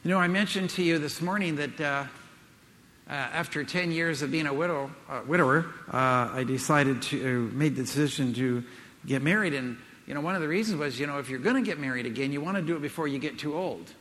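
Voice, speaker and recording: A man's voice: a little high, a little fast, a bit bright. An older man giving a seminar talk, telling jokes in a folksy, chuckling way with lots of fillers. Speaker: speaker at a Christian event. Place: large hall with audience. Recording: hall with long reverb.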